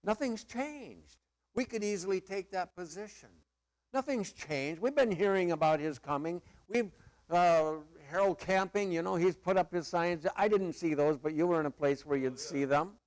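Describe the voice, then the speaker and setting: A man's voice: high-pitched, normal speed, darkish tone. Conversational male pastor preaching. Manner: conversational, emphatic, playful asides. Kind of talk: sermon.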